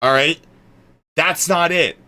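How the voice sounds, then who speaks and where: A man streaming live and chatting casually, swearing a lot and swinging from low mumbles to exasperated shouting. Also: slow pace. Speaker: livestreamer.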